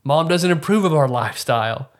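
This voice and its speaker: A man co-hosting a podcast in casual chat, telling stories with wry, deadpan humor and laughing at his own jokes. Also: fairly high pitch, a little fast. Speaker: podcast co-host.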